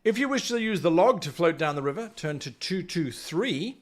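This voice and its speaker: Lively man reading a gamebook. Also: sits high, moderate pace. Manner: chatty, talks to the stream chat, reads passages aloud. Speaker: game master. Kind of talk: reading a solo gamebook on a live stream.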